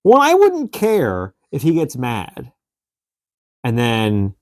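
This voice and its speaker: A man's voice: medium pitch, wildly swooping pitch, slow pace, no room sound. Exasperated man venting in casual chat. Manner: exasperated, venting, acts out quotes of his child. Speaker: podcast co-host.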